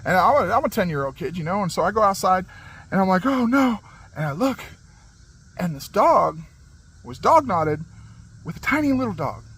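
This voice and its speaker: A man telling a funny story from his childhood in a rambling, animated way. He laughs as he talks and uses many fillers and restarts. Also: high voice, moderate pace, long pauses, breathy edge, poor audio. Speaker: channel host. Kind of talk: casual storytelling monologue.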